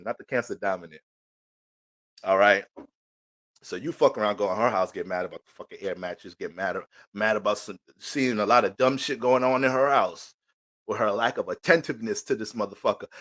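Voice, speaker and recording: A man's voice: fairly low pitch, fairly quick. Profane joking man ranting about astrology. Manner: profane, joking, animated rants. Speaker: astrology reader. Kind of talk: casual unscripted astrology reading.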